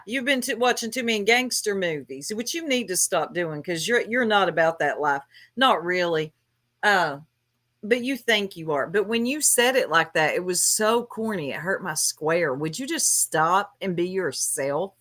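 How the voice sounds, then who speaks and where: A woman hosting a livestream, giving scolding, drawn-out commentary in casual chat. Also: lowish voice, animated, sharp tone. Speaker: livestream host.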